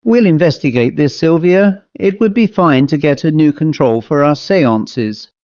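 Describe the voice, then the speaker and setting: A man voicing a brisk, self-assured male medium in a crisp, chatty manner for an audiobook story. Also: darkish tone, no echo, close to an everyday voice. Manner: crisp, chatty, lifted pitch. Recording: dull lo-fi dry recording.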